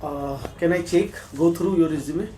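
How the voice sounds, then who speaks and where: A man's voice: a little high, moderate pace, warm tone, reverberant, slight background noise, poor audio. A man from Bihar with an Indian accent, conducting a mock job interview and pressing the candidate with challenging questions.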